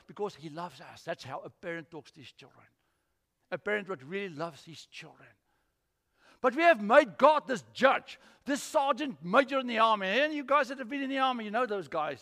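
Animated pastor preaching in a hall. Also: male voice, very high voice, a little fast. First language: Afrikaans. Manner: animated storytelling with acted-out voices. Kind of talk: sermon. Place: church.

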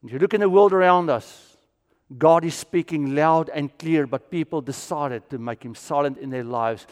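A man from South Africa preaching a sermon as pastor, swinging from full voice down to hushed, almost whispered lines. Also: sits high, expressive, normal speed. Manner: dramatic swings from loud to near-whisper. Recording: long hall reverb.

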